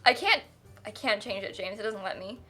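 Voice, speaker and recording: A woman livestreamer in casual chat, rambling and quick to laugh as she thanks viewers. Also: mid-range voice, bright, forceful tone. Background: faint music.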